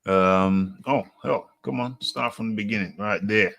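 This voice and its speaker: Man, low voice, rambling live-stream host, dry close sound. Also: unhurried, creaky, a bit bright, dry recording. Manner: rambling, self-correcting, repeats phrases. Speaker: boxing talk show host. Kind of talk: casual live-stream chat.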